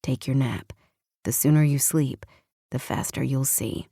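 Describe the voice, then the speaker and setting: Woman voicing a low, teasing commanding husband. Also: a little slow, gravelly, warm tone, husky, no room sound, studio quality, exaggerated voice.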